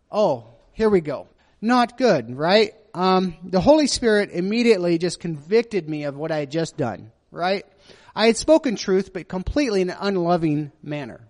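With a high, slightly mellow voice, a man gives an earnest, confessional sermon, often asking his listeners "right?" to check in. A long hall reverb surrounds the recording.

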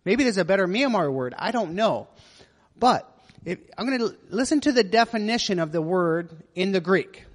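A man's voice: sits high, expressive, normal speed, long reverb tail. A man pastor teaching a sermon in a conversational way, with asides and rhetorical questions to the congregation.

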